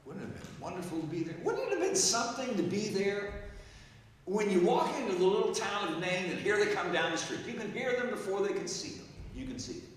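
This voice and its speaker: Man in his seventies preaching, high lively voice, long hall reverb, distant mic. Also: a little fast, slight background noise. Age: 70s. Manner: swings from loud exclaiming to hushed quoted words. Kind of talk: storytelling sermon. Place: large church hall. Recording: echoey hall, mic from far off.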